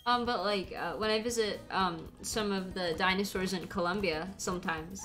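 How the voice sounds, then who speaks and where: A young American woman chats casually while streaming a game, rambling and giggling often. Her medium-pitched voice is a bit bright and moderately paced, with soft background music.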